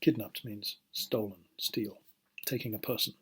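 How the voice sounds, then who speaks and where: A man's voice: on the low side, fairly even intonation, measured pace, breathy edge. A man, a teacher talking through a casual recorded lesson in a chatty, rambling, playful way and correcting himself as he goes. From England. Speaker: English teacher.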